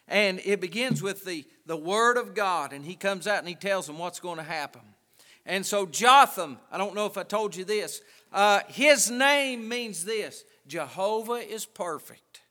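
Man, preacher, sermon, slow emphatic delivery, many pauses, reverberant hall. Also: high-pitched, pushed and bright.

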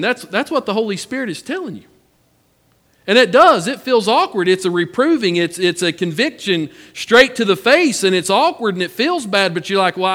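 A man's voice: sits high, a bit bright, big-room sound. A man preaching a sermon, a folksy storyteller who repeats his phrases. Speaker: pastor.

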